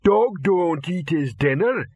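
A man voicing a slow-witted, hulking male troll who speaks in blunt broken phrases. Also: on the high side, expressive, darkish tone, slightly rough, no echo, dull audio, voice pushed up, full character voice.

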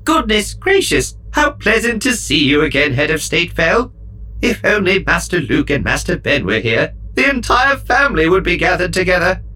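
Fussy, prissy male robot in a storybook reading, high and breathy, bright and sing-song, as a male reader puts him on. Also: very animated, moderate pace, exaggerated voice. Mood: delighted. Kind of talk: audiobook character voice.

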